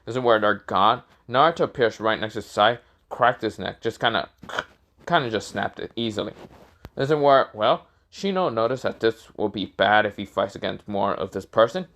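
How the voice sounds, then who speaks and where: A man's voice: lowish voice, moderate pace, fairly bright tone. A man casually narrating a fan-made story, rambling with lots of fillers and self-corrections.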